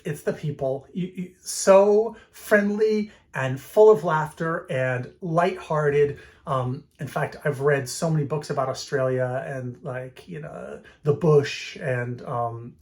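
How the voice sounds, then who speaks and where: A man's voice: on the high side, takes it slowly, few pauses, darkish tone. A man in his fifties answering fan questions in a casual, rambling way, full of fillers and restarts. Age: 50s. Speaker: film music director answering fan questions.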